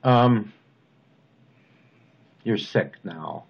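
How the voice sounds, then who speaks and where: A middle-aged man gently asking brief questions in a personal interview. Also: lowish voice, extremely slow, vocal fry, slightly rough. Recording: dull lo-fi recording.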